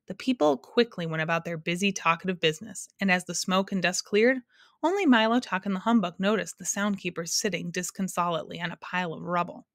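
Expressive woman reading a storybook. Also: lowish voice, fairly quick, no echo, studio quality. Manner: expressive, lingering on sound words. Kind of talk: audiobook narration.

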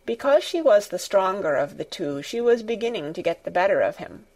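A woman narrating a children's classic as an audiobook, in a measured, expressive storytelling manner. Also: medium pitch. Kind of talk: scripted narration.

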